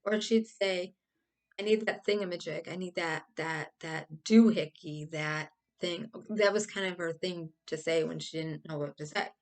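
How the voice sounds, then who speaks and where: A woman talks through a topic in her own casual video, looping around loosely and dramatizing silly examples. She has a lower-pitched voice and speaks at a moderate pace.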